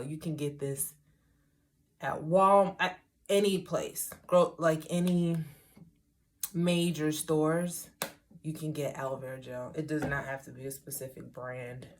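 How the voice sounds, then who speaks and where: A woman's voice: low voice, fairly even intonation, measured pace, a little hiss or hum. A middle-aged woman talking casually through a hair tutorial, rambling with wry asides to herself. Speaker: hair vlogger.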